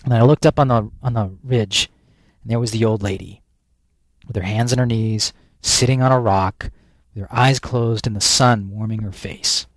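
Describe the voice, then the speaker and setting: A man's voice: on the low side, normal speed, no echo. Dry, close-sounding American man telling stories. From United States. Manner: animated storyteller, repeats words when restarting. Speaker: guest, professional speaker. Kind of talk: storytelling interview talk.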